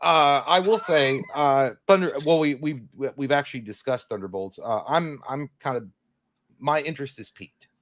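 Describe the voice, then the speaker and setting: A man's voice: medium pitch, normal speed, fairly bright tone, no room sound. A man co-hosting a casual livestream, reading viewer questions aloud and joking about them in a loose, profane way. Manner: jokey, profane, reads viewer messages aloud. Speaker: podcast co-host reading chat questions.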